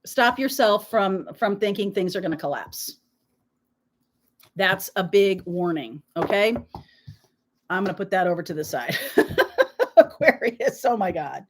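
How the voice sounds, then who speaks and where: A woman's voice: mid-range voice, lively intonation, measured pace, long pauses. A woman hosting a live tarot reading, talking to her viewers in a reassuring, emphatic way while nursing a sore throat. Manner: reassuring, emphatic, peppered with "okay?". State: sore throat, frequent throat-clearing. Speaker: tarot reader, live stream host.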